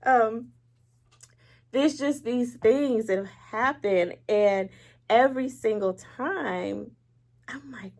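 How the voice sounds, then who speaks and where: A woman's voice: a little high, slow pace, gravelly, darkish tone. A woman speaking as an interview guest, giving a candid faith testimony, acting out what others said and laughing lightly between serious words. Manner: candid and emotional, acts out quoted speech. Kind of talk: personal faith testimony in conversation.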